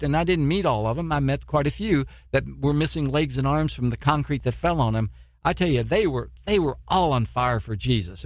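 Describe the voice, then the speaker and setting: Brief: male preacher, fairly high voice, fervent sermon delivery with many restarts, dry room. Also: no room sound. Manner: fervent, repeats himself, rhetorical questions. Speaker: preacher and missionary.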